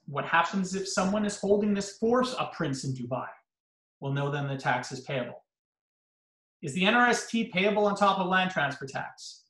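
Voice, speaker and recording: A man with a sharp, slightly high voice, a lawyer, lectures real estate agents in an echoey room. He explains by posing questions and then answering them himself.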